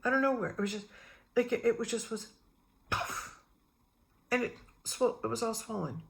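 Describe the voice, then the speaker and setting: A middle-aged woman with a slightly high, creaky voice speaks at normal speed in her spiritual vlog. She tells rambling personal stories, voicing the people in them through lively re-enactments.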